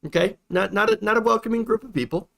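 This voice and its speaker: A man's voice: sits high, quick pace, creaky, a bit bright. A man hosting a political commentary show, talking emphatically and repeating points for effect.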